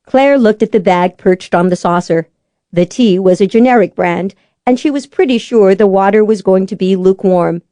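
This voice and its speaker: A woman reading a suspense novel aloud as an audiobook narrator, measured and even. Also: mid-range voice, no room sound.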